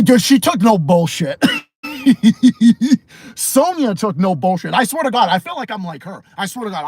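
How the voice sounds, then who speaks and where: Profane ranting man, lively voice. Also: sits high, dry recording. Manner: profane, rambling, repeats himself, laughs often. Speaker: podcast host and streamer. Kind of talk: casual ranting livestream talk.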